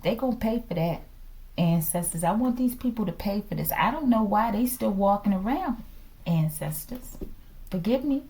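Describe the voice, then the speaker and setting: Animated woman reading tarot cards. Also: medium pitch, normal speed. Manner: animated, calls out "collective" and "okay?" often. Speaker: tarot reader. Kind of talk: casual tarot reading to viewers.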